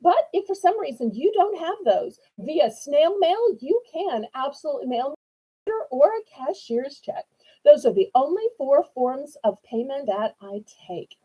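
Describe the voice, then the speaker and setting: A woman's voice: high voice, animated, a little slow, warm tone, low-quality recording. A woman, chatting sweetly and eagerly as she hosts a live online auction. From New Orleans, Louisiana. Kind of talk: live-stream sales chat.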